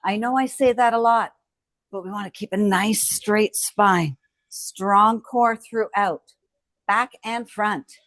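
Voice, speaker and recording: A woman's mid-range, slightly bright voice comes through slowly and without room sound as she coaches a home strength workout. She cues every move and cheers the viewer on encouragingly.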